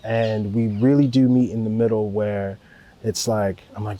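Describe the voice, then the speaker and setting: A man's voice: on the low side, a little slow, a little hiss or hum. A young man, a record producer, talking casually in an interview, laid-back and rambling, swearing freely as he praises the people he works with. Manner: calm and warm-spoken.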